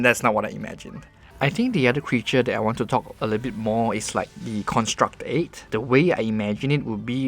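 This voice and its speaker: A man voicing a game review as host, earnest and conversational, often restarting his sentences. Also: mid-range voice.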